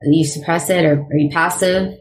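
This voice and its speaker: A woman's voice: deep voice, fairly even intonation, normal speed. A woman co-hosting a podcast in casual chat, mostly listening and chiming in with short remarks. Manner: brief interjecting listener. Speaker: podcast co-host. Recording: echoey room.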